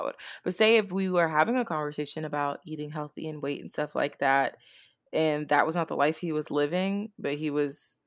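A woman's voice: sits low, no echo, studio quality. A woman in casual chat, talking candidly and loosely with lots of fillers. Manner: relaxed, candid, filler-heavy.

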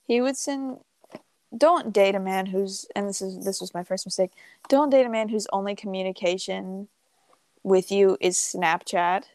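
A woman's voice: mid-range voice, moderate pace, darkish tone, no room sound. A young woman in her teens telling a story in casual chat, rambling with lots of fillers and laughs. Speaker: podcast co-host.

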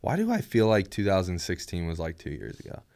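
A man's voice: sits low, huge pitch swings, a little fast, very noisy. A young man in his twenties co-hosting a faith podcast, chatting in a laid-back way with lots of laughs and fillers. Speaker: podcast co-host. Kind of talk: casual chat.

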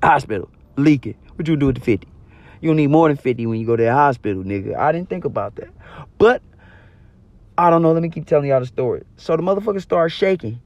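A young man telling a personal story straight to camera, heavy on slang and swearing. His voice sits slightly high, and he talks in a loose, animated way. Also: fast, dry recording, dull audio. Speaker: storyteller vlogger. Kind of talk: casual spoken storytelling.

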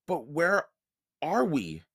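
A man's voice: fairly high pitch, wildly swooping pitch, slow, gravelly, a bit bright, no echo, studio quality, pitched above the performer's own voice, exaggerated voice. A man voicing a cautious, anxious young boy in a children's storybook reading.

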